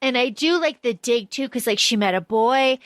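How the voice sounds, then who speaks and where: A woman's voice: fairly high pitch, lively intonation, normal speed, no room sound. A woman co-hosting a casual book podcast, chatty and swearing freely as she acts out characters' lines. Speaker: podcast co-host.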